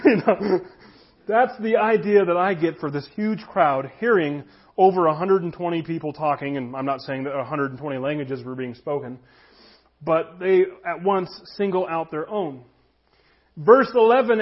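A man's voice: high voice, dull audio. A pastor preaching a conversational sermon, reading scripture aloud and telling stories to his congregation. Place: church room with congregation.

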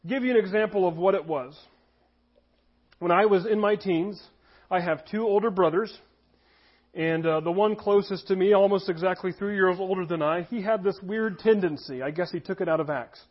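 High-voiced man preaching, dull recording. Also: normal speed. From United States. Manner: conversational preaching, shifts into voiced anecdotes. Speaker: pastor. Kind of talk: sermon. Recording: dull lo-fi audio.

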